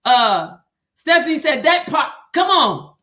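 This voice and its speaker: A woman's voice: high-pitched, very animated, takes it slowly, sharp tone. A woman with a Southern drawl hosting a livestream for choir directors, preaching and reading viewers' comments aloud. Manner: exhorting, repeats "come on", reads viewer comments aloud. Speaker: host.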